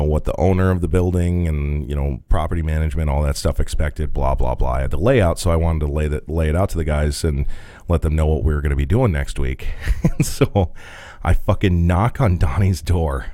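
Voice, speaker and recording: A man's voice: deep voice, dry recording. A man co-hosting a podcast, telling a long story in casual chat, with lots of swearing and laughing. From rural Midwest. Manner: profane, animated, laughing storyteller. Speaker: podcast co-host.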